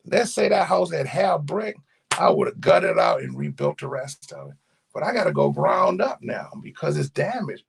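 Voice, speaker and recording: Gravelly, lively middle-aged man storytelling. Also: on the high side, normal speed. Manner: animated storytelling, profane slang. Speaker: commentator. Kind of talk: casual monologue.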